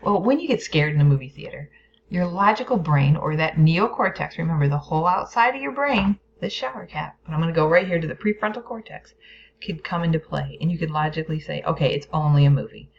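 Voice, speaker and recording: A woman with a low, creaky voice and lively intonation speaks fairly quickly in an educational video lesson about stress and the brain. She explains things plainly, adding playful whispered asides and acting out inner voices. The recording is dull and lo-fi.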